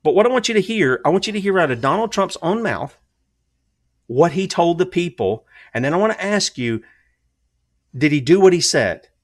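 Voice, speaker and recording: A man's voice: high voice, big pitch swings, normal speed. Emphatic man firing rhetorical questions. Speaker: commentary show host. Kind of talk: casual political commentary.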